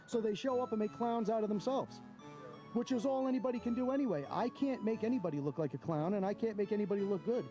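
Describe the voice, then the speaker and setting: A man's voice: high voice, fast talker, warm tone, faint music behind. A man doing blunt, mocking running commentary to his camera outdoors. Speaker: camera auditor filming police. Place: outdoors, near a parking lot.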